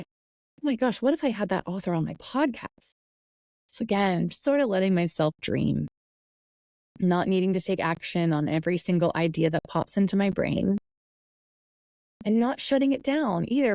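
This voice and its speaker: Mellow-voiced woman hosting a reflective podcast. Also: mid-range voice, creaky, no room sound, muffled recording. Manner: soft, meandering, with frequent fillers and self-corrections. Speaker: podcast host. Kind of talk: reflective guided talk on manifesting.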